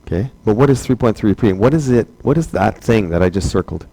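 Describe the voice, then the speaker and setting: A man's voice: lowish voice, animated, a little fast, warm tone, dry recording, rough recording. Man, math teacher, classroom lecture, joking, rhetorical questions, dry sound. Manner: chatty, joking, asks many rhetorical questions.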